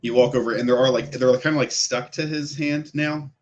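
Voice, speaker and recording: A man's voice: medium pitch, steady tone, a little fast, highs cut off. A man narrating as game master in a loose, rambling way with many fillers.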